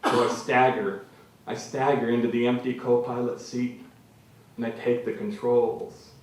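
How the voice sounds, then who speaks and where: A man of middle pitch reads his own prose at a live literary event, measured and dramatic, returning again and again to repeated phrases. His voice comes from a distant mic and rings around a very reverberant hall. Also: flat delivery, a little mellow. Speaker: author reading his own work. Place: literary venue before an audience. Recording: very echoey hall from far off.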